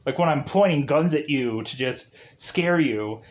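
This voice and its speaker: A man's voice: fairly high pitch, unhurried, close to an everyday voice. A man paraphrasing a nervous gun dealer. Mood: casual. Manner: casual paraphrase full of fillers.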